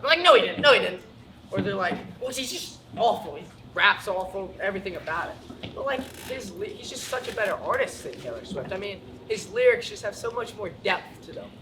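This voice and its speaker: Young american guy doing standup, high voice, jumps all over, loud noise behind. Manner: animated storytelling, acts out panic. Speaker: student stand-up comedian. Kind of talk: stand-up comedy set. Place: school auditorium with live audience.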